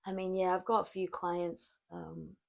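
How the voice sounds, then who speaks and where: A woman's voice: on the low side, level tone, unhurried, gravelly, dull audio. A woman from Australia with an Australian accent, a tattoo artist talking thoughtfully and openly about her feelings as a podcast guest. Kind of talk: casual podcast chat.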